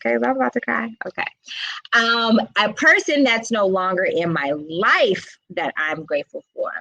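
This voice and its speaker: A woman's voice: fairly high pitch, moderate pace, creaky, bright, forceful tone, no echo, muffled recording. A woman hosting a live wellness session, speaking in a casual, reflective way with many fillers and asides to her viewers. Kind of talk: casual live-stream talk.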